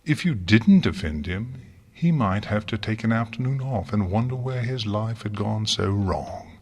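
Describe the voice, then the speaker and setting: A man's voice: lowish voice, animated, measured pace, husky, heavily acted. Princess Celestia, a man doing a gracious teasing princess. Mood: amused. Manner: conspiratorial, gracious, soft. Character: regal, amused pony princess, gently teasing.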